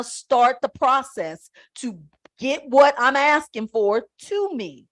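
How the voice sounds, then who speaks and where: A woman spiritual coach teaching on a live stream, talking in an emphatic, conversational way that gets loud at times. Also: high-pitched, expressive, slow pace.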